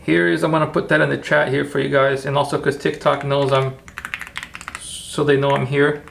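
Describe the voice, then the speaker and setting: Gravelly, chatty livestream host man. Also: mid-range voice, level tone, moderate pace, fairly bright tone, slight background noise. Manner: chatty, rambling, encouraging. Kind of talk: casual livestream chat.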